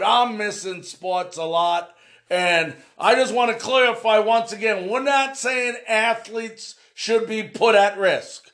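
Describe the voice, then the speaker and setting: Man, sports podcast host, very high voice, slow, loud and emphatic. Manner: loud, emphatic, often shouting, fillers.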